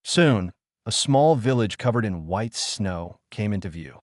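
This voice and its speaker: A male audiobook narrator reading the story in a steady, scripted way. His voice is on the low side but lively in its pitch, and the sound is dry and close with no room around it. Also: measured pace, dry recording.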